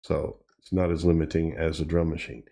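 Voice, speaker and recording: A man hosting a tutorial, casually demonstrating gear and thinking aloud with pauses and self-corrections. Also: very deep voice, fairly even intonation, gravelly, dark tone. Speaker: tutorial host. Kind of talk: casual demo while playing. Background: drum machine sounds he is playing.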